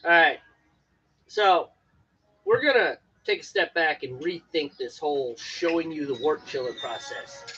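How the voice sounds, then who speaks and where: A man's voice: a little high, animated, a little slow, bright, forceful tone, slightly rough, muffled recording. A man co-hosting a homebrew stream, chatting casually and joking while he brews. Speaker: homebrew show co-host. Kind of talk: casual chat while brewing on a live stream.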